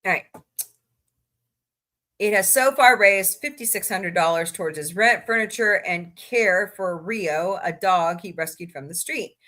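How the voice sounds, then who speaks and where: A woman's voice: medium pitch, unhurried, bright, forceful tone. A woman hosting a casual livestream, chatting to viewers and reading good-news stories aloud with her own asides, yawning now and then. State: yawning, tired. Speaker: livestream host.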